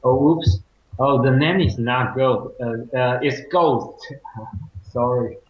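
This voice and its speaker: A man's voice: medium pitch, slow pace. A Taiwanese man whose first language is Mandarin, speaking English hesitantly with many fillers and restarts as a student in an online lesson. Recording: echoey, tinny call audio.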